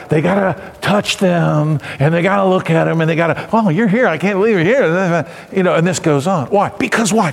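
Man, middle-aged, pastor, sermon, high voice, animated, acts out voices, long hall reverb. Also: vocal fry.

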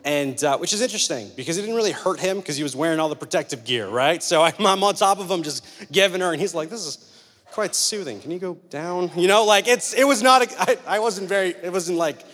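A man's voice: high voice, animated, quick pace, hardly any pauses, fairly bright tone. A man preaching a sermon in a conversational way, asking rhetorical questions and telling humorous stories. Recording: long hall reverb.

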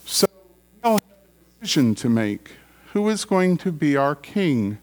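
A man preaching to his congregation, with a voice pitched a little above the usual. He talks in a relaxed, conversational way and drives his points home by repeating short phrases. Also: a little slow. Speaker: pastor. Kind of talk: sermon.

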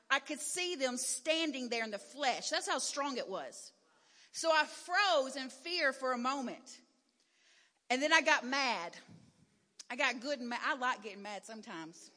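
A woman giving a candid sermon testimony in a church, talking plainly and rising to loud, emphatic declarations. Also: high voice. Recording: long hall reverb.

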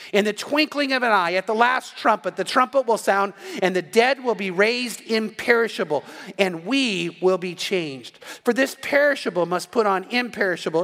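Man, pastor, sermon, high voice, joking and animated, echoing church hall. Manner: animated, joking, acts out little dialogues. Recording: long church reverb.

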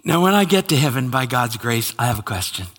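Guy preaching a sermon, goes from loud to whispery, husky voice, long hall echo. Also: medium pitch, expressive, brisk. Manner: dramatic, swinging from loud exclamations to hushed whispers. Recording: hall reverb.

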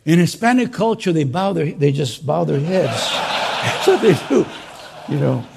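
A male pastor preaching a conference sermon to fellow pastors, swinging between loud urging and soft earnest asides, with joking conversational remarks. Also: fairly high pitch, expressive, normal speed, vocal fry, very noisy.

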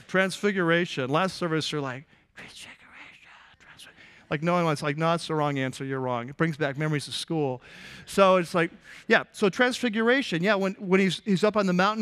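Animated preaching man, fairly high voice. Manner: conversational and animated, with restarts and asides to the congregation. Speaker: pastor. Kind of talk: sermon.

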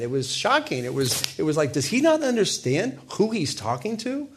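A man preaching a sermon, impassioned and full of rhetorical questions, slowing down to read scripture aloud. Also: sits high, wildly swooping pitch, noisy background. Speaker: pastor.

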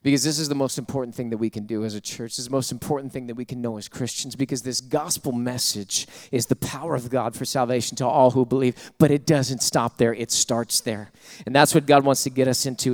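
A man, a pastor preaching a sermon, telling stories and then calling on the congregation to repeat after him. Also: medium pitch. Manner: storytelling, builds to rousing call-and-response.

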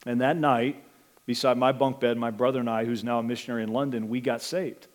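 A middle-aged man preaching a sermon as pastor, in an earnest, measured way with some hesitant fillers. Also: medium pitch, flat delivery.

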